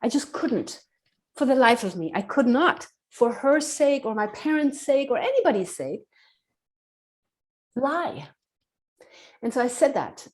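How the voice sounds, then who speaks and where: A woman telling a personal story as a podcast guest, earnest, acting out dialogue in a hushed voice. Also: high voice, very animated, a little slow, long pauses.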